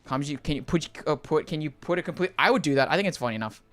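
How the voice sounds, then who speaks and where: This young man from the Philippines speaks with an Australian accent tinged by Filipino speech while he rambles casually through chat questions on a livestream. He sounds fairly high-pitched, expressive and fairly bright, talking at a quick pace.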